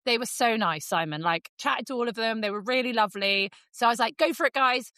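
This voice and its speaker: A woman with an English accent, co-hosting a podcast and telling a story in casual, lively chat, jumping into high voices for quotes. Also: brisk, dry recording. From England. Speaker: podcast co-host.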